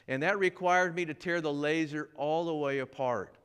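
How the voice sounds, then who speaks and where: This church sermon has a pastor recounting something from his own life, voicing each person in it with animated flair. He speaks at a fairly high pitch and a moderate pace, and his tone is clean.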